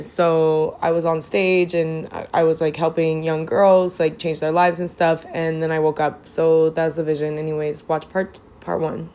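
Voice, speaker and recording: A woman telling her own story straight to camera, blunt and slangy, swearing freely and rambling with restarts and lots of "like". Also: fairly low pitch. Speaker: vlogger sharing her sobriety testimony. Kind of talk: candid personal storytelling.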